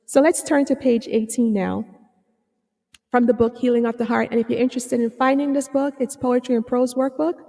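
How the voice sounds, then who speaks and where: A woman hosting her own podcast as a psychotherapist, talking earnestly with many fillers and restarts, a little hoarse. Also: on the high side, fairly even intonation, a little fast, dark tone, long reverb tail. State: slightly hoarse, clearing her throat. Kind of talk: reflective solo podcast talk.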